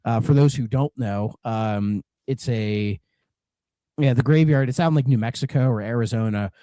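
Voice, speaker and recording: A man's voice: medium pitch, normal speed, mellow, no room sound. A man co-hosting a retro game podcast in casual, rambling chat, swearing and drifting into rants. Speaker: podcast co-host.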